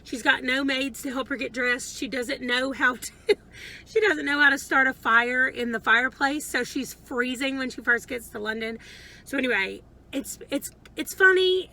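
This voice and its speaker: A woman's voice: sits high, pushed and bright, poor audio. A woman chatting casually about a book she read, rambling and chatty. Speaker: book vlogger. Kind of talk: casual book review chat.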